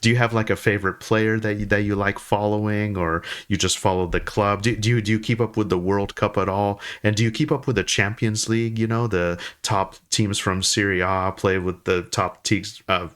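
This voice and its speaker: A male podcast host in a casual conversation, halting often and searching for words. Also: on the low side, fairly even intonation, fairly bright tone, smooth.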